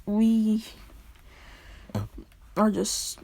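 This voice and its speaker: Slow, gravelly woman rambling through a story. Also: mid-range voice, level tone, mellow. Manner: rambling, chuckles between lines. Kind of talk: casual fan-fiction storytelling.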